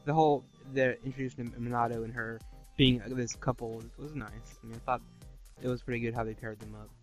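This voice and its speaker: Man, co-host of a review show, casual and quick, loose and rambling. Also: medium pitch, fairly even intonation, soft background music. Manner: rambling, many "you know" fillers.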